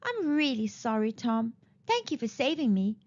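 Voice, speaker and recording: A cheeky storybook princess with a high, bouncy voice that swoops up and down, sly and bossy and prone to fibbing, as a woman reads her out. The recording sounds a little dull and lo-fi. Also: sing-song, normal speed, darkish tone. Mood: grateful. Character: bossy mischievous girl princess turned shepherd.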